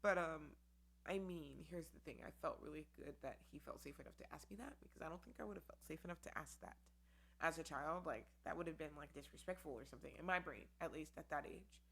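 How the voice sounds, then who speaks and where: Woman podcast host, low voice, candid rambling chat with plenty of "um" and "like", talking to camera. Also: fast talker, a bit bright, breathy edge. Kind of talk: casual solo podcast chat. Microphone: camera with mic.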